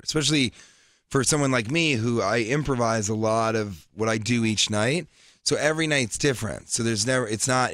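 A male comedian guesting on a radio show, telling stories in a rambling, animated way. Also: medium pitch, dry recording, studio quality. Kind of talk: casual radio interview. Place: radio studio.

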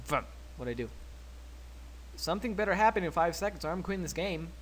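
A man hosting let's play commentary, excitable, cursing freely and yelping when startled. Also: high voice, brisk, a little hiss or hum. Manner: excitable, swears a lot, yelps when startled. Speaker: gaming channel host.

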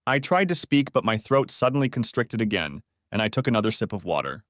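A male narrator reading a first-person story aloud with dramatic feeling. His mid-pitched voice rises and falls widely, and the recording is close and dry. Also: big pitch swings, fairly quick, fairly bright tone, no echo.

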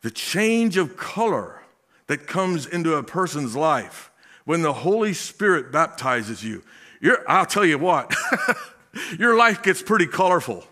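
A male pastor preaching a sermon, slow and drawn out, with emphatic swells and folksy asides. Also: a little high, sing-song, pushed and bright.

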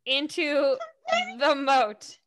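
A woman's voice: sits high, fairly even intonation, extremely slow, background noise. A woman narrating a tabletop game as its game master, playful and amused.

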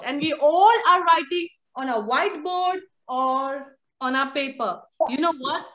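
Bright high-voiced woman teaching kids online. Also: a little hiss or hum. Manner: sing-song, coaxing, showers kids with praise and endearments. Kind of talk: live online class for young children. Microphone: computer or headset mic on a video call.

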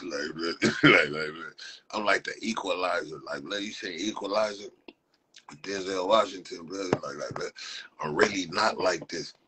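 A man's voice: low-pitched, pushed and bright, breathy edge, low-quality recording. A man from Compton in Los hosts a live stream, mocking viewers in profane, casual talk with frequent laughs. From Compton, Los Angeles.

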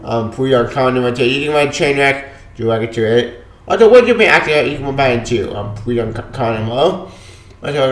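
A man reviewing a comic book in a frustrated, exasperated rant, breaking into sudden loud outbursts. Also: mid-range voice. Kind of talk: ranting video review. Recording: echoey room.

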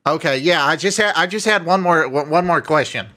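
A man streaming a scam-baiting call, excitable and swearing freely as he laughs and gushes. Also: a little high, a little fast. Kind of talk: casual streamed prank call.

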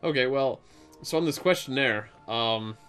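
A man's voice: mid-range voice, unhurried, a bit bright, clear, resonant tone, faint music behind. A man hosting a let's play, chatting casually while he plays and rambling through stories with lots of fillers. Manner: rambling, filler-heavy storytelling. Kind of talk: casual gameplay chat.

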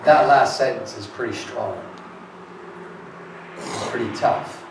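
A man's voice: mid-range voice, takes it slowly, noisy background. A man preaching a sermon as pastor, earnest and rising to emphatic peaks as he reads scripture aloud. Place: church sanctuary. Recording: echoey hall from far off.

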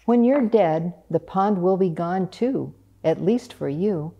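A woman voicing a calm, kindly male figure of Death in a storybook reading, soft and patient. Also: lowish voice, takes it slowly, dull audio, full character voice.

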